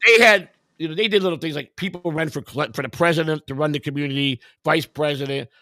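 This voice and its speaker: A man's voice: fairly high pitch, fast talker, sharp tone, dry recording, clean studio sound. An older man candidly telling his life story in conversation, blunt and profane, rambling with restarts and quoted dialogue. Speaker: guest.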